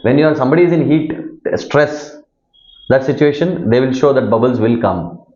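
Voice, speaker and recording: A man's voice: mid-range voice, normal speed, darkish tone. Indian man teaching a devotional class. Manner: acts out characters' lines, asks audience to repeat. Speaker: spiritual teacher. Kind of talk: devotional lecture with storytelling. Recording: dull echoey hall recording.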